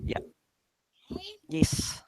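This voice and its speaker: Slow-talking New Zealand dad. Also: male voice, darkish tone. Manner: laughs often, swears casually, talks about family openly. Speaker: father. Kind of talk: casual chat on an online video hangout. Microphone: video call.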